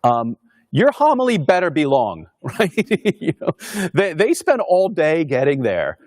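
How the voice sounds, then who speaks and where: A man's voice: fairly high pitch, huge pitch swings, unhurried, a little mellow, dry recording. A man, a pastor, giving an informal lecture in a conversational way, with many fillers and restarts. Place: Northern Virginia parish pastor speaking at a university.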